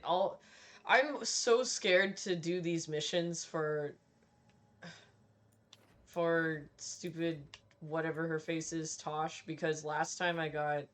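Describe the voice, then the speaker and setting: A woman game streamer giving casual, candid commentary while she plays, laughing often and swearing freely. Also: sits low.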